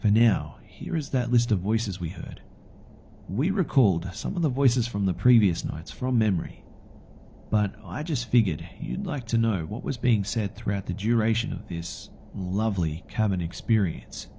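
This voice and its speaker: A man narrates a first-person horror tale in a calm, measured, matter-of-fact way. His voice sits low with a dark, mellow tone, keeping the telling steady and plain. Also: gravelly, a little hiss or hum. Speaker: storyteller.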